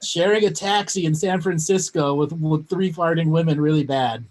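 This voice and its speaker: Man, higher voice, wry talk-show guest. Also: normal speed, darkish tone, low-quality recording. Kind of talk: casual chat.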